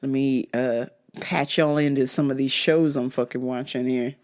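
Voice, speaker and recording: A woman's voice: very deep voice, steady tone, normal speed, a little mellow. A young American woman in casual chat, swearing freely, laughing often and slipping into British slang. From United States. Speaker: vlogger.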